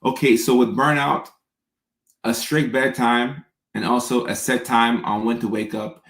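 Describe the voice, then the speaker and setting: A man's voice: mid-range voice, steady tone, a little slow, a bit bright, echoey room. A man hosting a casual livestream, chatting as he reads out viewer questions and answers them.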